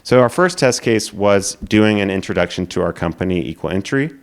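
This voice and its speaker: A man's voice: lowish voice, lively intonation, a little fast, clear, resonant tone. A man giving a conference presentation, explaining steadily in a casual way with frequent filler words. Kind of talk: presentation talk.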